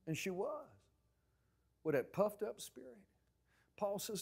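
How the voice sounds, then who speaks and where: A man preaching a sermon as pastor, telling stories with acted-out quotes and swinging from loud outbursts to near-whispers. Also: sits high, moderate pace, long pauses. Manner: animated storytelling preacher, acting out quotes loudly then dropping to a hush.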